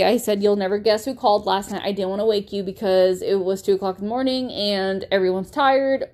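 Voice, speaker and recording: A young woman hosting a podcast, telling a personal story in a candid, blunt way, swearing freely and restarting her sentences with lots of fillers. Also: mid-range voice. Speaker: podcast host.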